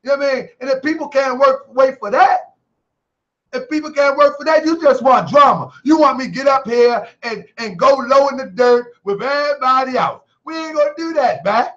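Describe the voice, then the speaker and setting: A man's voice: very high-pitched, moderate pace, fairly bright tone, lo-fi sound. A man hosting a live online talk show, chatting casually with slang and frequent laughter. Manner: playful, laughs often, street slang.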